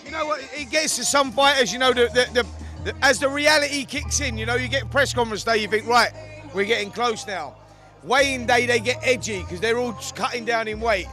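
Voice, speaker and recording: A male boxing pundit talking casually and loosely, circling back through fillers. His voice sits high and sounds bright and forceful, with faint music under it. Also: brisk. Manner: chatty, rambling with fillers. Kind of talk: casual studio commentary.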